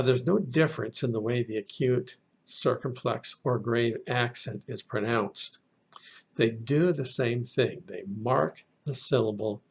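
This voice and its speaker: Male teacher, slow and patient, husky gravelly voice, lo-fi voice-over. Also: mid-range voice. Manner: slow, patient explaining with fillers. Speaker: Bible Greek teacher. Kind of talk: slide-based lesson.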